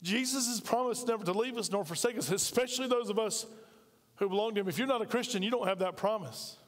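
Speaking fast in a high-set voice, a pastor from the United States delivers a sermon in a large church hall. His tone is conversational, and the congregation answers him in call-and-response.

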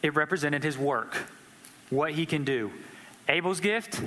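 A man's voice: fairly high pitch, measured pace, pushed and bright, slight background noise. A male preacher giving a conversational sermon in a church hall, often asking the congregation questions. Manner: conversational, asks the audience questions. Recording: long hall reverb.

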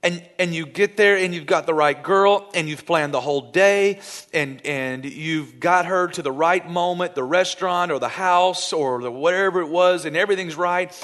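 A man preaching a sermon in church as pastor, animated and playful, acting out little scenes. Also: fairly high pitch, moderate pace.

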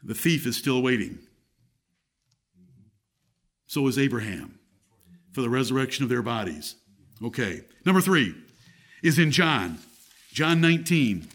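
A man's voice: medium pitch, expressive, measured pace, long pauses, a bit bright. A man preaching a sermon as pastor, reading scripture aloud with strong emphasis.

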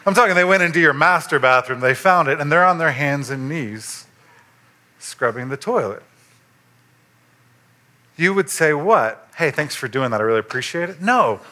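Bright-voiced man preaching conversationally. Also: on the high side. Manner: conversational preaching, animated rises for emphasis. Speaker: pastor. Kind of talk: sermon.

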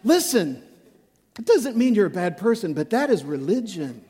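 A man's voice: high voice, big pitch swings, normal speed, dark tone, husky. A male pastor preaching a sermon in a conversational, self-deprecating way, acting out examples as he goes.

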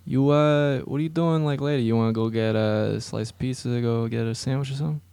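A man's voice: mid-range voice, a little fast, gravelly, mellow, smooth, no echo. A man hosting a comedic sports radio show, rambling with lots of filler words. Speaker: radio host.

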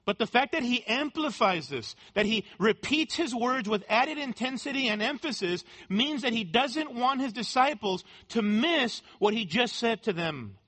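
A man delivers a sermon from the pulpit in short, deliberate phrases, hammering home his points by repeating key words. His voice sits high and has a bright, forceful edge. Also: animated. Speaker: pastor. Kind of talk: expository sermon.

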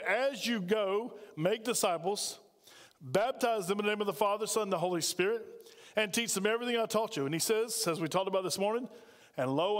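A man's voice: high-pitched, big-room sound. A man preaching a sermon as pastor, speaking conversationally and putting questions to the congregation. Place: church sanctuary.

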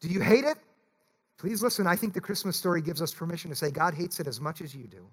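Earnest high-voiced male preacher. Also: lively intonation, fast, breathy edge. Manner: earnest, pleading, repeats "listen". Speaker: pastor. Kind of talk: sermon. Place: church.

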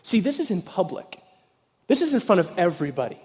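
A man preaching an evening sermon as pastor, telling a story animatedly and acting out voices, sometimes shouting with excitement. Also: high-pitched, a little fast. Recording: long reverb in a large hall.

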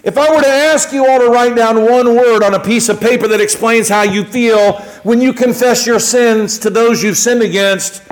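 Male pastor, high voice, chatty sermon delivery with acted-out asides. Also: low-quality recording. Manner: conversational, acts out little quoted exchanges.

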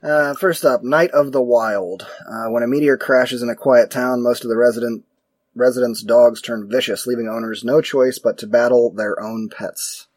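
A man's voice: medium pitch, fairly even intonation, normal speed, no room sound. A man co-hosting a casual chat about movies, reading short synopses aloud and joking dryly. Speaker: podcast co-host.

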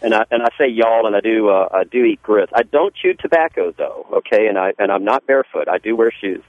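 Southern pastor on a tinny line. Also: male voice, lowish voice, fairly quick, dry recording. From Southern US (Georgia). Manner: earnest, folksy storytelling with frequent restarts. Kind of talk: testimony in a radio interview. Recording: dry, phone-like radio line.

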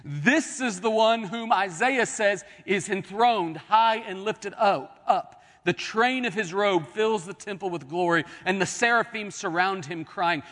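A man preaching a sermon as pastor, swinging from soaring declarations to hushed, drawn-out words. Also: sits high, long reverb tail. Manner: dramatic preaching, swelling and dropping to near-whispers.

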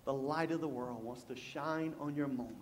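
A middle-aged man preaching a sermon as a pastor, telling stories and shifting from loud humor to hushed, intense appeals. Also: medium pitch, moderate pace, a little hiss or hum. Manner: storytelling, swings from loud jokes to hushed intensity.

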